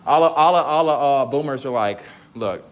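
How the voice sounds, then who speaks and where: A young man chatting casually to his viewers, sassy and slangy, breaking into laughs and high squeals. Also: moderate pace. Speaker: vlogger.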